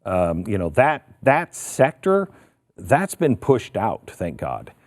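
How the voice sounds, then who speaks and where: A man's voice: lowish voice, slow. A middle-aged man hosting a talk show, chatting casually about politics and telling stories with animation. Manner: animated, storytelling. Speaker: show host.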